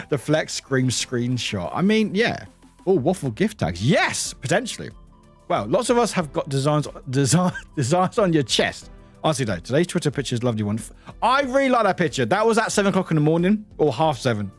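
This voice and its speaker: A man from the UK, a streamer chatting casually and animatedly with his live chat from home. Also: a little high. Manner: animated, laughing, greeting chat by name. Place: home room.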